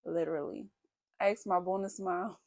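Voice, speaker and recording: Woman in her thirties, vlogger, casual confessional talk, blunt and candid, some vocal fry. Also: lowish voice, fairly even intonation, normal speed, darkish tone. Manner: candid, blunt, talks straight to viewers.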